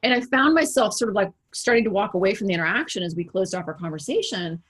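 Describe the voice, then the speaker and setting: Woman, executive coach, husky mid-pitched voice, lively conversational delivery full of rhetorical questions. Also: fast talker. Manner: acts out quoted remarks in livelier voices. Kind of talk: motivational talk to camera.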